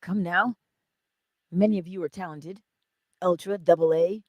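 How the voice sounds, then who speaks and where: Middle-aged woman, warm breathy tone, casual spiritual chat, soft whispered asides, frequent laughs. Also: fairly low pitch, steady tone, unhurried, no room sound, dull audio. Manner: chatty storytelling, drifts into soft whispers, laughs often. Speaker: host of a morning livestream.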